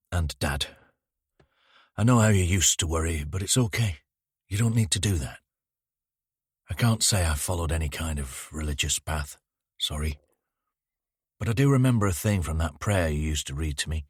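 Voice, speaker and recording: A man voicing a haunted male detective who speaks in a low, close and dryly sardonic way. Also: breathy edge, no room sound. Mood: hushed. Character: haunted adult male detective, wry and calm.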